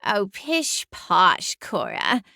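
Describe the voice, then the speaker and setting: A woman's voice: medium pitch, huge pitch swings, extremely slow, creaky, bright, forceful tone, dry recording, clean studio sound, heavily acted. A woman voicing a smug, sassy female cat familiar in an audiobook, with a drawling, sing-song, condescending delivery. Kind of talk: audiobook character voice.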